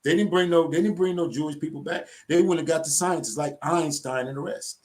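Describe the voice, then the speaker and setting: Detroit man, co-host, slightly high voice, loose casual delivery. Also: a little mellow. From Detroit, USA. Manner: loose, repetitive, builds his argument slowly. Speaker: podcast co-host. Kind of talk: casual live-stream chat.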